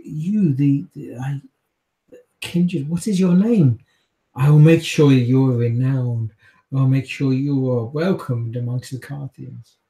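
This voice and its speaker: A man's voice: a little high, warm tone, roomy sound, rough recording. A man voicing a young male vampire prisoner who pleads, wheedles and stammers for his release.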